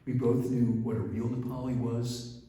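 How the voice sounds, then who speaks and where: A man's voice: medium pitch, flat delivery, moderate pace, mellow. A male professor giving a conversational storytelling lecture, often checking in with "right?", recorded from a distance in a large hall. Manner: conversational, frequent "right?" asides. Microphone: distant mic. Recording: echoey hall from a distance, faint ambience.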